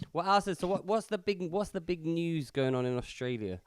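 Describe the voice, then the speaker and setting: A man hosts a podcast chat, pushing his opinions in a blunt, emphatic way. His voice is smooth and resonant, at a middle pitch. The recording is dry and close. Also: sing-song, fairly quick, no room sound.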